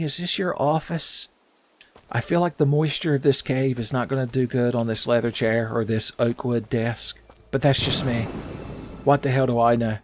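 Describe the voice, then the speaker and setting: A man giving joking, casual commentary while playing a video game, jumping up in pitch when excited. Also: slight background noise. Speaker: let's play host.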